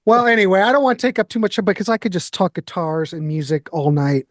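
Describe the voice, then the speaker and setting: High-voiced man co-hosting, dry sound. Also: expressive, fast, dry recording. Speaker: co-host. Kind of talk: casual interview chat.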